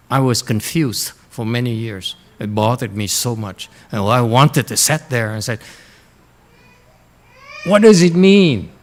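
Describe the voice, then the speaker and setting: A man's voice: fairly low pitch, a bit bright. Blunt man giving a meditation lecture. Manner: blunt, frequently checks in with "Okay?". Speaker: Chan meditation teacher. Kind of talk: Dharma lecture to students.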